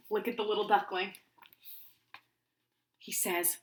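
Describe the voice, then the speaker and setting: A woman pre-K teacher reading a picture book aloud to young children, in an animated way and often asking them questions. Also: a little high, a little slow, echoey room.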